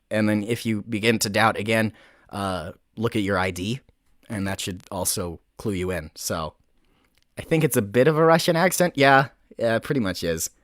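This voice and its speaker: A man's voice: on the low side, a bit bright, no echo. A young man hosting a casual advice livestream from a makeshift home studio, joking around and rambling, often correcting himself. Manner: playful, rambling, self-correcting jokey talk. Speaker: host of an advice show.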